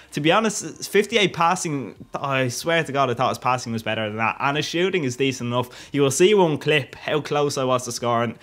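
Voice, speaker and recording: A man's voice: medium pitch, a bit bright. Cheeky gaming commentator, man. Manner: cheeky, crude joking with frequent laughs. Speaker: gaming YouTuber. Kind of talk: casual commentary over gameplay.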